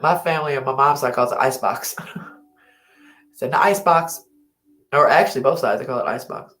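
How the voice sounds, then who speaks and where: A woman with a very deep, slightly bright voice speaks briskly while hosting a late-night livestream from home, with faint music behind her. She rambles, laughs and grows drowsy in casual chat, recorded on a laptop or phone mic in an echoey room.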